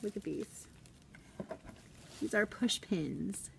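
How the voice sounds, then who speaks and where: A woman's voice: medium pitch, takes it slowly, gravelly, fairly bright tone, breathy edge. Bubbly, giggly woman teacher chatting. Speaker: elementary school teacher. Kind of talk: casual classroom vlog chat. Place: at her desk in a classroom.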